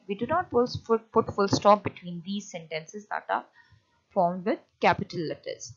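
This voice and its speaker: A woman teacher giving a lecture on punctuation, often pausing and restarting as she explains. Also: mid-range voice, lively intonation, highs cut off. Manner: hesitant, many fillers and restarts while explaining.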